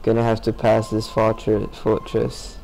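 A man's voice: fairly low pitch, monotone, measured pace, gravelly, warm tone, a little hiss or hum, low-quality recording. A sleepy young man commenting casually on his gameplay, rambling to himself and swearing. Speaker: gamer.

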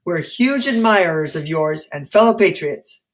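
A woman voicing an eager, excitable male history teacher who gushes with admiration. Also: fairly low pitch, a little slow.

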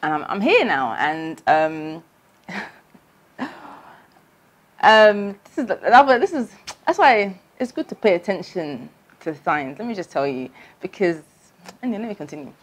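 A woman, telling a personal story on her vlog, acting out her past self with big jumps up in pitch. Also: big pitch swings, unhurried, pauses often. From London. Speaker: vlogger.

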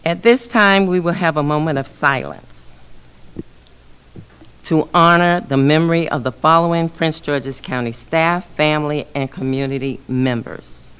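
A woman chairing a school board meeting, reading a memorial list slowly and solemnly, becoming emotional. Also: deep voice, fairly bright tone, smooth. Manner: slow, solemn reading of names. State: emotional, voice breaking. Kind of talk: formal meeting proceedings.

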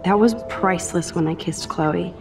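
An actress voicing a shy, gentle young woman in a game. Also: fairly low pitch, normal speed, natural voice. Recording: game audio with music.

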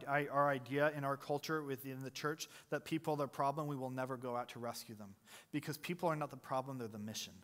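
High bright pastor guy preaching, quizzes the crowd, cracks little jokes, big church reverb. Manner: conversational, quizzes the congregation with questions; jokey asides between earnest preaching. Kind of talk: sermon. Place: church sanctuary. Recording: long hall reverb.

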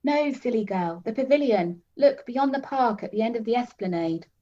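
A woman's voice: on the high side, expressive, moderate pace, dark tone, lo-fi sound, voice pushed up, natural voice. A woman putting on a cooing, bossy pavilion owner. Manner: cooing, eager, commanding.

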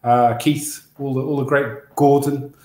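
A man's voice: medium pitch, little pitch movement, a little slow, a little mellow. A man from England co-hosting a casual chat show, enthusiastic and rambling, with many restarts. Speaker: podcast co-host. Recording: roomy echo.

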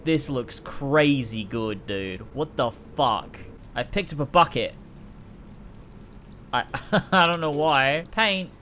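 A young man streaming a game, reacting excitedly, swearing and laughing often, and reading the game's dialogue aloud. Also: medium pitch, takes it slowly, a little hiss or hum. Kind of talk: gameplay reaction commentary.

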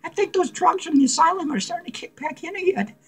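A man's voice: very high voice, animated, quick pace, rough recording. A man playing a manic, unhinged male clown who rambles giddily and crudely in a comedic character vlog, cackling and swearing. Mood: giddy. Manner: cackling, profane, giddy rambling.

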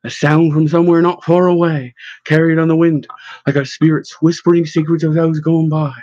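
A man reading a story aloud in measured, expressive narration. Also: a little high, no room sound, dull audio. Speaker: audiobook narrator. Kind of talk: scripted narration.

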